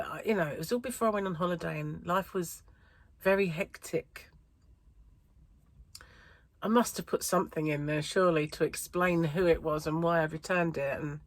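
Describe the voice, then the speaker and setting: A UK woman who vlogs about crochet chats casually to camera, rambling along with lots of fillers and frequent laughter. She sounds a little out of breath, and her voice sits on the low side with no echo.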